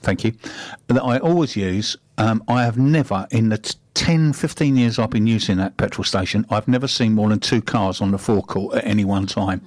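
A man's voice: lowish voice, fairly quick, hardly any pauses, darkish tone, no room sound. A man, middle-aged, co-hosting a radio chat with an emphatic, argumentative, lecturing manner. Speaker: radio co-host.

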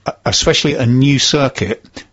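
A man hosting a casual chat and telling personal anecdotes in a relaxed way. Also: medium pitch, moderate pace, husky. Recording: dull lo-fi sound.

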